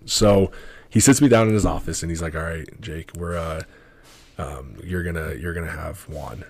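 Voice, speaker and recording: A man's voice: low voice, normal speed, vocal fry, darkish tone, slightly rough. A young man in his twenties telling a rambling, self-correcting story as a podcast guest, acting out each person's lines. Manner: rambling, self-correcting, quotes others in dialogue. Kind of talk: casual storytelling.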